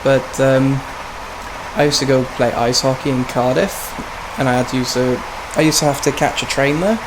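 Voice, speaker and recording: A man plays a train simulator while casually rambling through stories and laughing at himself. His voice is medium-pitched and steady at a normal speed, with the game's engine and rail sounds audible behind him.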